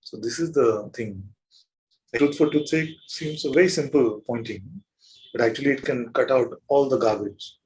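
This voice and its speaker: A man teaching a gathering gives a spiritual talk, gently playful, chuckling often and nudging listeners with rhetorical questions. He has a mid-range voice at normal speed, and the recording is rough.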